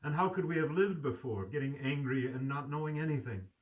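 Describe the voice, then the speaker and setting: A man's voice: fairly high pitch, brisk, dull audio, voice pushed up, lightly acted. A man reading aloud and voicing a tender, fervent young man who is dying, speaking in a pleading way. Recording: distant mic.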